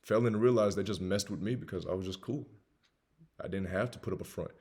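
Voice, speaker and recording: A young man with a husky, fairly low voice and a faint Southern US lilt. He speaks emphatically as a self-improvement host, repeating phrases and switching between loud urging and quiet, confessional asides. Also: fast talker. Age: 20s. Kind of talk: earnest personal monologue.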